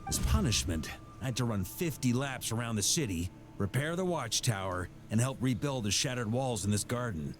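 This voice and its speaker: Game voice: a man playing a hearty veteran knight, lively pitch, measured formal delivery, faint music behind. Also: close to an everyday voice. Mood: reminiscing. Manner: warm, relaxed storytelling, measured and formal. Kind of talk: game voice acting.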